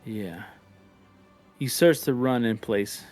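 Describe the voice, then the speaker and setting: A man's voice: medium pitch, takes it slowly, a little mellow, soft background music. A man narrating a live tabletop game as game master, in a loose, rambling, joking way.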